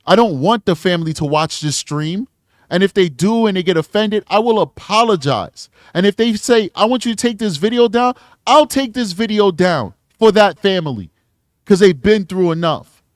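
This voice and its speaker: A man's voice: high-pitched, expressive, normal speed, no echo, studio quality. A man hosting a true crime livestream, a detective talking bluntly and earnestly, sometimes getting emotional.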